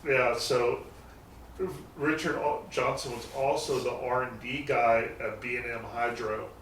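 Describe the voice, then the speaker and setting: Casually chatting as a guest, a man rambles through stories about his garage shop, dropping an odd curse word. His mid-range voice barely moves in pitch and is slightly slow and a bit bright. The recording comes from a distant mic in an echoey garage with faint noise.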